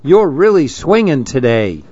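A man's voice: fairly high pitch, very animated, measured pace, darkish tone, no room sound, highs cut off. A man voicing a chipper little chameleon in a storybook, eager to be noticed, calling out perkily. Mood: perky. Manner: perky, attention-seeking calls. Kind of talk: storybook reading.

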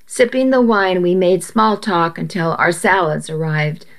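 A woman narrating a first-person story aloud in a steady, measured way. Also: on the low side.

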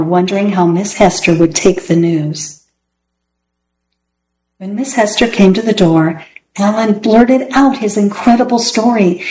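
A woman's voice: mid-range voice, a little mellow, slight background noise. A woman reading picture books aloud as a storyteller, narrating expressively. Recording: roomy echo.

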